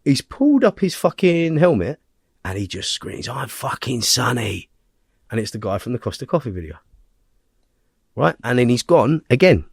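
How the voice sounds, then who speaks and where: A man's voice: mid-range voice, big pitch swings, moderate pace, a little mellow, dry recording, clean studio sound. A man, a podcast guest, telling a tense story in a blunt way, swearing heavily as he goes.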